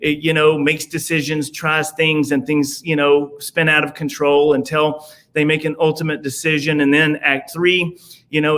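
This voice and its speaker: A man's voice: on the high side, fairly bright tone. A man with a Southern US accent, a podcast guest talking in a rambling way, full of fillers and restarts. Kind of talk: casual conversation.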